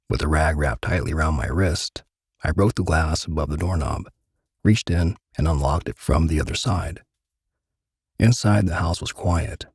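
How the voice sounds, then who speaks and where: A man reading a gritty first-person crime story aloud in measured, dramatic narration. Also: extremely low pitch, darkish tone, husky, dry recording, studio quality.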